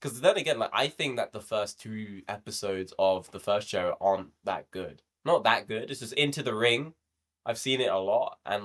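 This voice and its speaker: Laid-back low-voiced man chatting. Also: a bit bright. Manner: laid-back, laughing, swears freely. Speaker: podcast co-host. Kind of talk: casual review chat.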